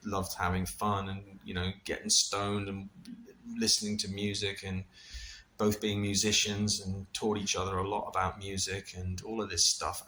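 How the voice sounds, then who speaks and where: Gravelly middle-aged man telling a story. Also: lowish voice, slight background noise. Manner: animated, laughing retelling with lots of restarts and swearing. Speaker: vlogger recounting a ceremony experience. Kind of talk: casual personal storytelling.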